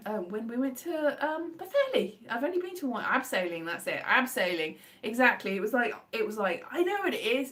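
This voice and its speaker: A woman chatting casually on a live stream, telling rambling stories with lots of restarts and self-corrections. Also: far from the mic. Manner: animated, jumps into high-pitched acted exclamations.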